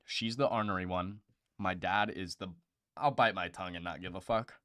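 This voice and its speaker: A man's voice: low-pitched, fairly even intonation, normal speed, sharp tone, clean tone, dry recording, clean studio sound. A young man hosting a live stream in casual chat, blunt and profane, with lots of "bro" and "dude".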